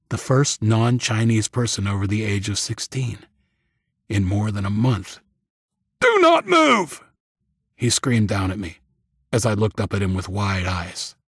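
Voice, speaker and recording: Male audiobook narrator, first-person storytelling, measured, low pitch, husky tone, dry close mic. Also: dry recording.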